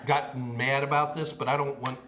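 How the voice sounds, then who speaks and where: Easygoing man on a live tech stream, speaking at a middling pitch with a jokey, offhand delivery. A faint steady hum sits under his voice. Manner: joking, casual, quick asides. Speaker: host answering tech questions.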